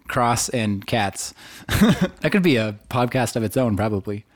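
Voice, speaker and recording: A man co-hosting a casual podcast, easygoing and hesitant, often pausing with fillers. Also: lowish voice. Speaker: podcast co-host. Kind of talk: casual chat.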